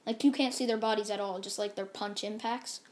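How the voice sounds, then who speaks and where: A woman's voice: medium pitch, steady tone, a little fast. A woman casually narrating a fan-made story, rambling and full of fillers.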